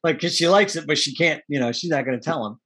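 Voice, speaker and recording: A man chatting casually as a podcast co-host, animated, acting out lines from a film and laughing often. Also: on the high side, quick pace, slightly rough. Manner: animated storyteller, acts out movie quotes, laughs often. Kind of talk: casual chat.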